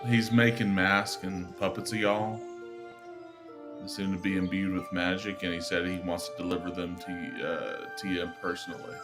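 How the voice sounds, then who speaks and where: A man's voice: low voice, flat delivery, normal speed, music in the background, lightly acted. A man voicing a young man with a put-on Southern US drawl, sending a casual warning in a tabletop game. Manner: drawling, casual, says y'all.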